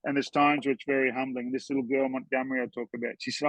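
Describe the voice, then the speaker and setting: A man's voice: mid-range voice, flat delivery, fast talker, fairly bright tone, no echo, low-quality recording. A man guesting on a podcast, telling heartfelt stories in an earnest way and often repeating words as he goes. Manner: earnest, storytelling, repeats words when moved. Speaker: horseman guest.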